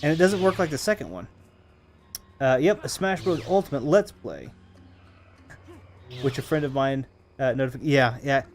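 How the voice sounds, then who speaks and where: A man's voice: mid-range voice, normal speed, pauses often, soft background music. A man casually chatting to viewers while he plays a video game, rambling and humming between remarks. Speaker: streamer playing a video game. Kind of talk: casual live-stream commentary.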